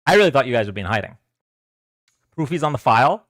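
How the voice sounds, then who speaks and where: A man's voice: medium pitch, very animated, fast talker, a bit bright, no room sound, clean studio sound. A man hosting a livestream, talking casually to his chat, exasperated and sarcastic, often repeating himself. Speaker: political livestream host.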